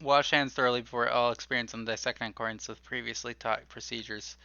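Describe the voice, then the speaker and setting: A man's voice: medium pitch, steady tone, quick pace, creaky, sharp tone, clear, resonant tone, no room sound, dull audio. A young man doing let's play commentary, playful and mock-ranting, humming his own sound effects. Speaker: gameplay YouTuber.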